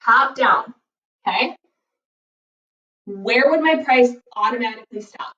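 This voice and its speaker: Female teacher, high voice, playful, keeps checking "okay?", echoey basement. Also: lively intonation, unhurried, sharp tone, far from the mic, dull audio. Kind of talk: recorded economics lesson. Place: basement floor at home.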